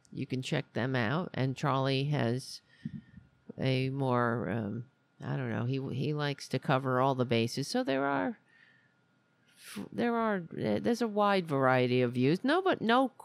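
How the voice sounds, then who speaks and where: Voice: medium pitch, no room sound. A podcast host in casual political talk, rambling and grumbling with lots of restarts, sounding irritable.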